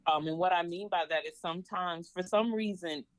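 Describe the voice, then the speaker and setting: Lively Georgia-accented woman. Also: fairly low pitch, a little fast, dry recording, low-quality recording. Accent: Southern US, Georgia. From Georgia, USA. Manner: lively, laughs often, emphatic. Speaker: parenting coach. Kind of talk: casual interview.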